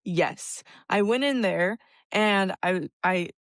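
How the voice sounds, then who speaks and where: A woman's voice: medium pitch, slow pace, fairly bright tone, dry recording, studio quality. A young woman co-hosting a podcast, telling a long family story in a chatty way and laughing often. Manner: chatty, laughs often, tells stories at length. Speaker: podcast co-host. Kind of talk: casual chat, storytelling.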